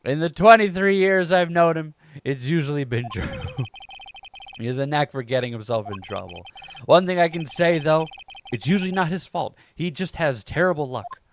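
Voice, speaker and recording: A man's voice: a little high, moderate pace, slight background noise, voice pushed down, lightly acted. A man voicing an earnest young rookie defense lawyer, narrating his first case matter-of-factly. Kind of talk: game narration read aloud.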